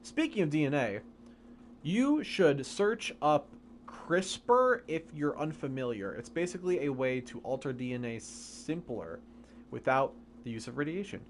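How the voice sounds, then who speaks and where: A man's voice: on the high side, animated, unhurried, slight background noise. A young man live-streaming a game, casually and patiently explaining science questions from chat.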